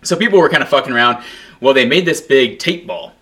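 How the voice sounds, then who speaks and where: A man's voice: medium pitch, expressive, quick pace, sharp tone. A young man in casual podcast chat, telling a story animatedly, laughing often and swearing freely. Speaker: podcast co-host.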